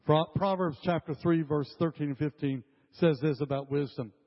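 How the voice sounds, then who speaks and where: A man's voice: on the high side, moderate pace. An older man preaching a sermon to a congregation, emphatic and repeating his phrases as he speaks directly to the room. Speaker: pastor. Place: church hall with congregation. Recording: dull lo-fi sound with long hall reverb.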